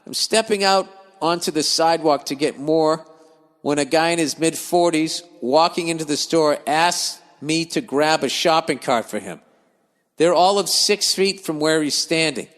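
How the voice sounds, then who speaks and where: A man's voice: a little high, normal speed, fairly bright tone. Cursing, ranting man with reverb. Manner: swears freely, grumbles and digresses. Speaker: podcast host reading listener letters. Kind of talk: profane comedic rant.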